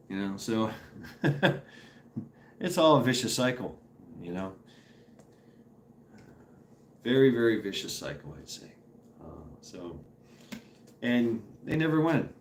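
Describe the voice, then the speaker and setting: A man's voice: mid-range voice, sing-song, unhurried, pauses often, slight background noise. Guy rambling to his chat, swears a lot, keeps laughing, voice bouncing around a roomy space. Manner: rambling, profane, laughs often. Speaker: streamer host. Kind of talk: casual chat with viewers.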